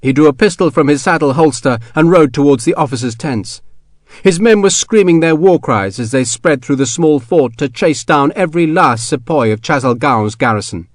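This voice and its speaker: A man narrating an audiobook in a steady, measured storytelling voice. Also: fairly high pitch, no echo, clean studio sound. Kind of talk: scripted narration.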